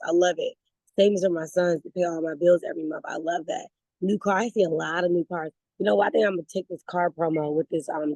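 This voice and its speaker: A woman leading a motivational network marketing call, talking in a lively, conversational way, repeating words and laughing as she goes. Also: on the low side, no room sound, rough recording. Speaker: network marketing team leader. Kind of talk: motivational talk on a video call.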